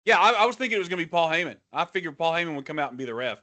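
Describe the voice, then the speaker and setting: Bright, emphatic man co-hosting. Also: a little high, lively intonation, very fast. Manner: emphatic and opinionated, speculating freely. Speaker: podcast co-host. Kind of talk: casual podcast chat.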